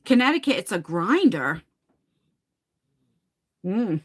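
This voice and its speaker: Lively, chatty Jersey woman. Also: mid-range voice, slow, breathy edge. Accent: New Jersey. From New Jersey. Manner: rambling and chatty, laughs and swears casually. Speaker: livestream host. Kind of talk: casual chat with viewers.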